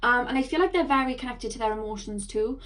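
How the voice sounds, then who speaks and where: A young woman giving a chatty tarot reading, rambling and excitable, talking quickly. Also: on the high side, recorded from a distance. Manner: excitable, rambling, talks fast. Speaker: tarot reader. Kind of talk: chatty intuitive card reading.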